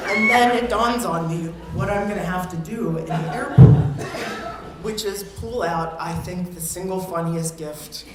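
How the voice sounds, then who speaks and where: A man's voice: high-pitched, normal speed. A man giving a eulogy at a memorial, telling a funny story in a chatty way and laughing along. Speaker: eulogy speaker. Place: memorial gathering in a large room. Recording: very echoey room, far from the mic, heavy noise.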